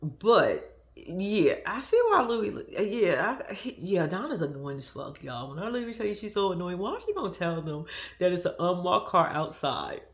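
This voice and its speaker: A woman's voice: lowish voice, normal speed. A young woman vlogger giving casual, profane commentary on a reality show, laughing often and acting out what people said. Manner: animated, profane, laughs often, acts out quotes. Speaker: reaction vlogger.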